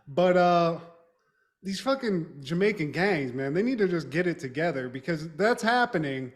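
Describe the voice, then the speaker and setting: Brief: high-pitched man, podcast co-host, loose and profane recap, laughs often. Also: moderate pace. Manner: animated, laughing storyteller, swears a lot. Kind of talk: casual profane chat.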